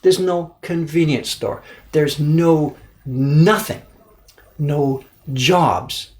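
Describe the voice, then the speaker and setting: A middle-aged printmaker hosting a livestream in an indoor workshop casually tells an animated story, repeating words for emphasis and acting out the people he quotes. His voice sits on the high side and moves very slowly.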